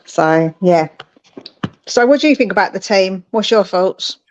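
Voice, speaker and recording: A woman's voice: mid-range voice, animated, a little slow, muffled recording. A woman co-hosting a live chat, speaking in a direct, practical way. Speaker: co-host.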